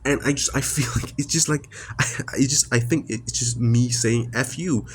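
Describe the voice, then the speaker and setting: A man's voice: mid-range voice, steady tone, moderate pace, slight background noise. A man talking straight to camera in a personal confessional monologue. He is emotionally raw and frustrated, and his speech halts with many restarts and fillers. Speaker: vlogger.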